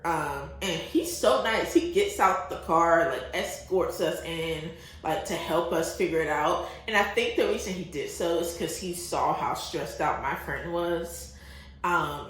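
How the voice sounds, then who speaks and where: Young American woman vlogger, unhurried and lively storytelling, laughs a lot, very roomy echo. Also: lowish voice. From United States. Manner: chatty, laughs often, many fillers. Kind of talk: casual travel storytelling. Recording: very echoey room.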